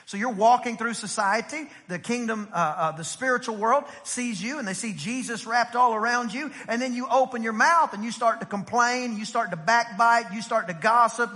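This is a middle-aged man preaching in a church sanctuary. His voice sits very high and rings bright and forceful. He keeps checking in with the congregation and acts out little voices, and a long hall reverb trails every phrase. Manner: animated preaching with rhetorical questions and acted-out voices. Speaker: pastor. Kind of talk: sermon.

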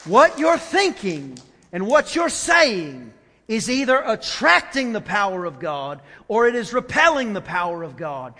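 A male pastor delivering a sermon, dropping to quiet asides and then surging into emphatic preaching. His voice is unusually high and bright for a man, with an animated, lively lilt. A long reverb trails every phrase. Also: measured pace, some chatter behind. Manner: dramatic swings between soft asides and loud emphatic preaching. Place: church sanctuary.

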